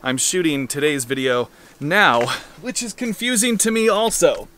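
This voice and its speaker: A man's voice: on the high side, animated, normal speed, fairly bright tone, a little hiss or hum. A man in his thirties vlogging casually to a handheld camera from his car, rambling and joking. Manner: rambling, playful, jokey.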